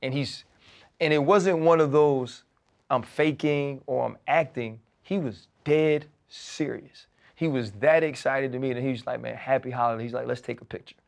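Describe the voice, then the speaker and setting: A man hosting a podcast, telling a story in a casual, slangy, animated way. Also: mid-range voice, normal speed, gravelly. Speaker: podcast host.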